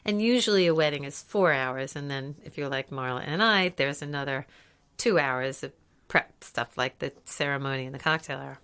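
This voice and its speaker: Low-voiced older woman telling gig stories. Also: normal speed, smooth. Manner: animated storyteller, laughs often. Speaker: podcast co-host. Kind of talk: casual chat.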